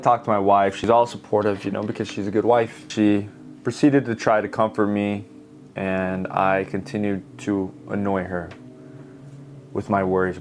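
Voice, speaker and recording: A man's voice: lowish voice, darkish tone, slight background noise. A young man, an art teacher, telling a heartfelt personal story straight to his viewers while he draws. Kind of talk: earnest storytelling while drawing.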